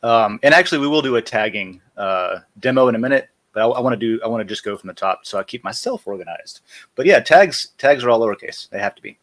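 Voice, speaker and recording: A man's voice: mid-range voice, lively intonation, fast, a bit bright. A man hosting a casual live-stream chat, walking viewers through a website demo and correcting himself as he clicks through screens. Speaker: host.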